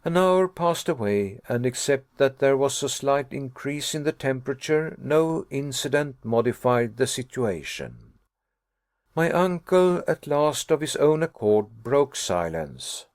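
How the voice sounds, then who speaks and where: A man narrating an audiobook in a measured, formal reading manner. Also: medium pitch, sing-song, a little mellow, no echo, clean studio sound.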